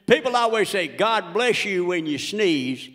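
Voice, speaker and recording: A man voicing a crude, indignant middle-aged everyman who rants in a comedic monologue and shouts his punchlines. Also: high-pitched, very animated, measured pace, voice pushed up, full character voice. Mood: ranting.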